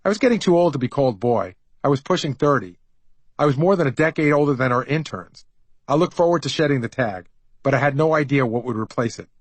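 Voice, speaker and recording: A man's voice: medium pitch, no room sound, low-quality recording. Middle-aged man, dry memoir narration. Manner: wry, conversational storytelling. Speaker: author narrating his memoir.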